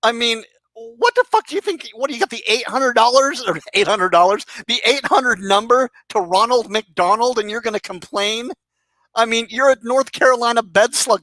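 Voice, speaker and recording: A man's voice: extremely high pitch, bright, forceful tone, dry recording. A man ranting in a mocking, sarcastic roast full of swearing, aimed at another online personality. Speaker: commentary YouTuber. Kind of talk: profane roast rant.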